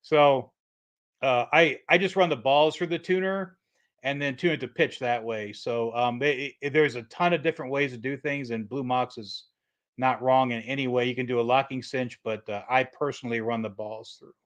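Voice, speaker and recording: A man's voice: mid-range voice, moderate pace, a bit bright. Brief: middle-aged man, livestream host, rambling and repetitive, lots of restarts and filler. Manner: rambling, repeats himself, frequent restarts and "uh". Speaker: livestream host answering chat questions. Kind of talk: casual livestream chat.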